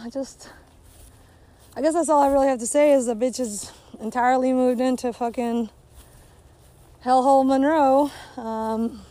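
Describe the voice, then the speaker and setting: Lady podcaster on a night dog walk, swears a ton, rambles, kinda high voice, yells at the dog sometimes. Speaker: podcast host. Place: outdoors walking a dog at night.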